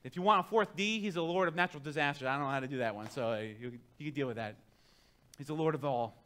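A man pastor with a fairly high voice talks fast, preaching emphatically and speaking straight to his congregation in a conversational tone. He shifts between quiet asides and loud declarations.

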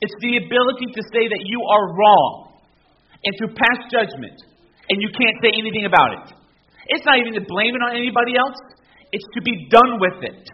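A man's voice: sits high, fairly quick, husky, dull audio. A man preaching a sermon as pastor, emphatic and often asking the congregation questions.

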